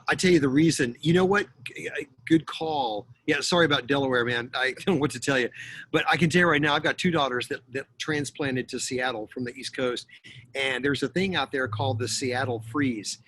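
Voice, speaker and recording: A man's voice: medium pitch, a little fast, fairly bright tone. Middle aged texas guy teaching over zoom, jokey, lots of uhs, bit of background noise. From Texas, USA. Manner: chatty and jokey, many fillers. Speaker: guest lecturer. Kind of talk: joking online lecture. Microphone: video call.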